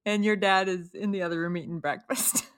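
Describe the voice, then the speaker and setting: A middle-aged mother hosting a casual podcast from her home kitchen, excitable and quick to laugh. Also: medium pitch. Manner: excitable, acts out her quotes, laughs easily. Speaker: podcast host, mother of the guest. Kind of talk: casual family chat.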